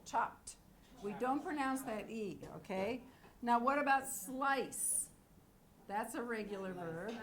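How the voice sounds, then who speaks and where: Slow, clear ESL teacher woman. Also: fairly high pitch. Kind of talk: classroom teaching. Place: classroom.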